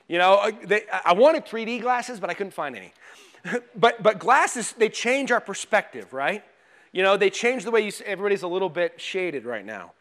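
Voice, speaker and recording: High-voiced man preaching a sermon. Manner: conversational, self-deprecating, acts out panicked and calm inner voices. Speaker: pastor.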